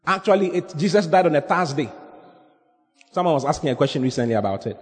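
A man's voice: a little high, expressive, quick pace. Man preaching with call-and-response. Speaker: pastor. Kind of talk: sermon. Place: church hall. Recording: long hall reverb with faint music.

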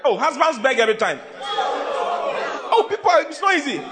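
High, lively pastor, teasing. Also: male voice, brisk, crowd noise. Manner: animated, teasing, often shouting and laughing with the congregation. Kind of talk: humorous sermon on marriage. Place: church before a live congregation. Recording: congregation noise behind the voice.

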